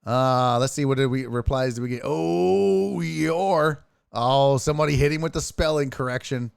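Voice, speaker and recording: A man's voice: medium pitch, normal speed, gravelly, clean tone, no echo, studio quality. A man hosting a live sports stream, ranting and laughing his way through tweets in casual, profane chat. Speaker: streaming sports show host.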